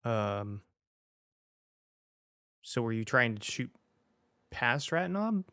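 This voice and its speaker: A man's voice: medium pitch, big pitch swings, extremely slow, bright, forceful tone, clear, resonant tone, no room sound, studio quality. A man running a tabletop game as game master, narrating with frequent ums and restarts. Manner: hesitant, many ums and restarts.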